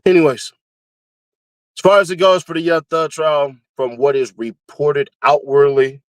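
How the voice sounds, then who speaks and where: A man hosting casual commentary, talking animatedly and laughing often, now and then breaking into high-pitched screaming bits. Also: steady tone, unhurried, dry recording. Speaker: commentary host.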